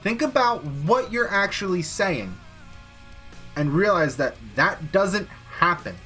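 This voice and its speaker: A man's voice: high voice, sing-song, slow, pushed and bright, faint music behind. A young American man ranting profanely on a political commentary stream. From United States.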